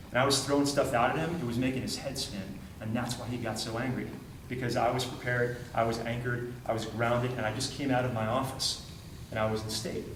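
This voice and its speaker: A man with a mid-range voice tells a story emphatically in a training talk to a group, acting out the dialogue and repeating phrases for effect. The recording is roomy and far away, with faint ambience and background noise.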